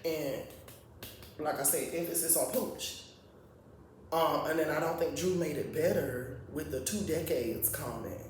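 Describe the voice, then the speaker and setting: A man's voice: on the high side, normal speed, distant mic, a little hiss or hum. A man giving a blunt, profane, rambling casual opinion monologue as a reality TV commentator. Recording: very echoey room, off-mic.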